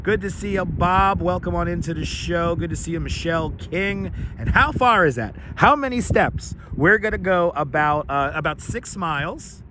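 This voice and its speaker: A hoarse-voiced man hosting a live walking stream outdoors, rattling off viewer names and welcomes on a clip-on mic. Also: high voice, lively intonation, normal speed, few pauses, background noise. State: scratchy, hoarse voice. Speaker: livestream host. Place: outdoors on city streets. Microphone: wireless clip-on mic.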